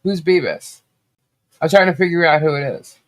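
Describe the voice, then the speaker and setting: A woman co-hosting a casual livestream chat, rambling and laughing often, with a slight cough and a rough throat. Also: lowish voice, moderate pace. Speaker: livestream co-host.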